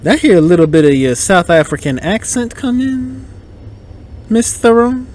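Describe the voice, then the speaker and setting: A man's voice: high voice, moderate pace, darkish tone. A man hosting a podcast, chatting casually in a movie commentary, joking and laughing often. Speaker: podcast host.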